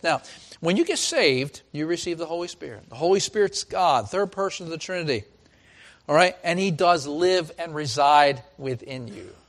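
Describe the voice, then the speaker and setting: Male pastor, slightly high voice, animated sermon delivery with loud-soft swings and repeated phrases. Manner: animated preaching, swings from loud emphasis to hushed asides; repeats phrases, frequent restarts.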